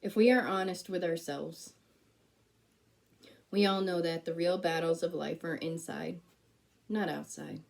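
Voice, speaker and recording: A woman with a fairly low voice preaches a sermon in a church. She talks in a relaxed, conversational way, acting out remembered exchanges and laughing at herself now and then. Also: a little slow, creaky, long pauses. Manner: conversational, storytelling with quoted dialogue.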